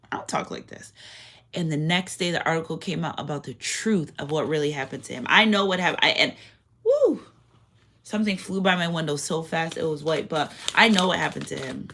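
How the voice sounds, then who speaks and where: A woman's voice: fairly low pitch, sharp tone. A woman giving a casual tarot card reading, chatty and affirming, with slangy asides and repeated catchphrases. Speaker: tarot reader.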